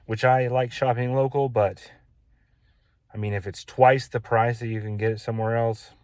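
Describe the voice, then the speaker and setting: A man's voice: medium pitch, fairly even intonation, normal speed, darkish tone, no room sound, studio quality. A man building his own house, telling a casual, exasperated story in a vlog and repeating his gripes.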